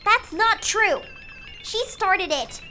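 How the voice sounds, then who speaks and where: A woman voicing a bratty, mocking little teenage girl, snappy and taunting in a very high, bright voice. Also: lively intonation, slow, faint music behind, heavily acted.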